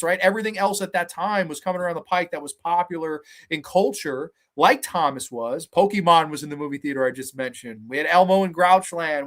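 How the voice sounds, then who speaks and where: A man in his twenties hosting a show, telling stories and reviewing movies in an animated, profane, rambling way. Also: on the high side. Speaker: host. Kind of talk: casual storytelling and movie commentary.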